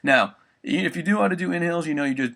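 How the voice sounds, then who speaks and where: A man's voice: fairly high pitch, fast, vocal fry, a bit bright. A young man giving a casual spoken vocal tutorial, rambling loosely and swearing often.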